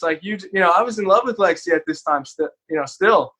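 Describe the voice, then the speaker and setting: A man's voice: high-pitched, quick pace, few pauses, bright, forceful tone, breathy edge. A man from Texas, a podcast guest, telling an earnest, candid story in a casual, conversational way.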